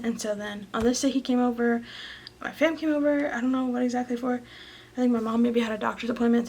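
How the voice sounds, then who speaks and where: A woman's voice: on the high side, slight background noise. A tired young woman casually rambling through her planner as a vlogger, with lots of fillers and some whispered asides. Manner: rambling, filler-heavy, often trails into whispers. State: tired, yawning late at night. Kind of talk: casual chatty voice-over. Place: home, late at night.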